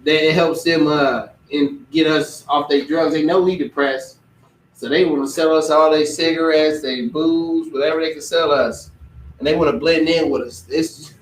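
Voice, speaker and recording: A man giving a casual religious teaching, animated and often mimicking other people's voices. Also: a little high, moderate pace, slight background noise. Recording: echoey room, distant mic.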